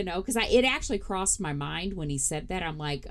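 A woman's voice: on the low side, animated, brisk, hardly any pauses. A woman in her forties hosting a casual podcast, telling blunt, profane stories about her family with a lot of laughter. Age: 40s. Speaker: podcast host.

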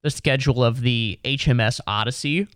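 A man's voice: medium pitch, moderate pace, a bit bright, clear, resonant tone, dry recording. Exasperated man riffing stand-up, profane, dry mic. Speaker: comedian. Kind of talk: stand-up comedy monologue.

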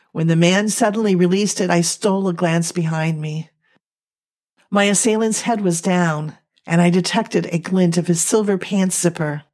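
Woman, young adult, dramatic first-person story reading, slow and emotional, slightly low voice. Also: darkish tone. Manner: slow, emotional, halting delivery. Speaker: narrator.

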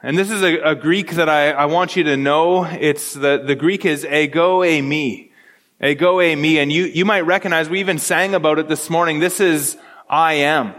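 A pastor with a high-pitched male voice delivers an earnest, conversational sermon, often repeating and restarting his words. The sound carries a long reverb from a church sanctuary. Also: steady tone, normal speed, fairly bright tone.

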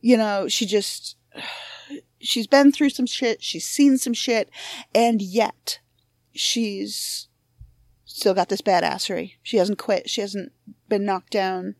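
A woman's voice: medium pitch, steady tone, takes it slowly, darkish tone, no echo, studio quality. A woman hosting a true-crime podcast, talking casually and frankly, with plenty of swearing and self-deprecating asides. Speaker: podcast host. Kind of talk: casual monologue intro.

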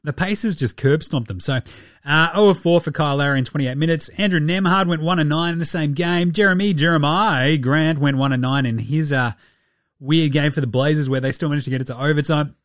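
A man hosts a basketball podcast in a fired-up, profane rant. His voice sits a little high for a man. The sound is dry and close, with no room around it. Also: a little fast, dry recording. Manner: ranting, sweary, animated, puts on mock voices. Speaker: podcast host.

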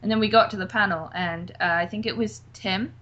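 A woman with a bright, sharp voice chats casually and pokes fun at herself as she rambles. The recording sounds dull and lo-fi. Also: medium pitch, fairly even intonation, brisk. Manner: self-deprecating, rambling with fillers. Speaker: podcast co-host and writer. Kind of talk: casual chat.

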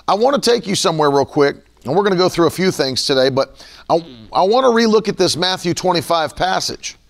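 Animated, gravelly-voiced male preacher. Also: high-pitched, a little fast. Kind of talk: sermon.

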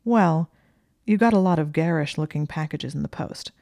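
A woman reading the part of a sly young male student who teases and probes with a smirk, in a mellow voice. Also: low voice, normal speed, dry recording, clean studio sound. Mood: sly, teasing. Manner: teasing, probing, smirking.

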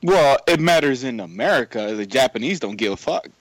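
A man's voice: mid-range voice, lively intonation, brisk, dry recording, poor audio. A man in a casual podcast chat who speaks in a blunt, matter-of-fact way and swears.

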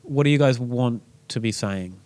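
A man with a New Zealand accent hosting a podcast, relaxed and chatty, swearing casually. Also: medium pitch, normal speed, no room sound. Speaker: podcast host. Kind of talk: casual chat.

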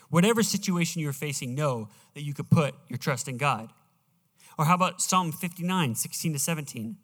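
A male pastor preaching a sermon, emphatic and slowing down as he reads scripture aloud in a church auditorium. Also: a little high, lively intonation, a bit bright. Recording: reverberant hall, live church sound.

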